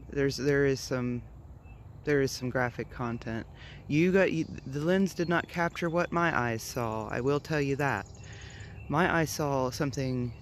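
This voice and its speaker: Guy vlogging in his backyard, rambly and flustered, normal middle voice, a little outdoor hiss behind. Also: medium pitch. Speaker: vlogger and backyard bird keeper. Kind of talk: casual vlog chat.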